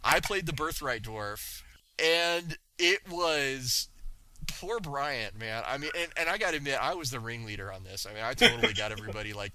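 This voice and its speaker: A man in his forties, a podcast guest, telling stories in a lively way with many stammers and restarts. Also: on the high side, normal speed, a crowd in the background, poor audio. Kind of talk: casual storytelling.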